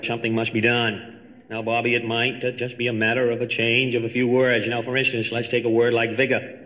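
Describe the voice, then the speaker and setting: Brief: man doing a dry Boston-accented president, halting delivery, bright tone, reverb from a live room. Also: medium pitch, completely flat delivery, natural voice. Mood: wry. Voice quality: clipped, halting with drawn-out ums. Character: folksy middle-aged male president, dry and self-assured. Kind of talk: 1960s comedy album sketch. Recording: reverberant live comedy record.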